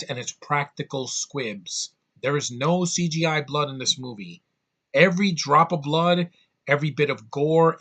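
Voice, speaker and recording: A man's voice: mid-range voice, fairly bright tone. A man giving a casual film review, blunt and rambling, swearing often and restarting his sentences. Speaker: movie reviewer.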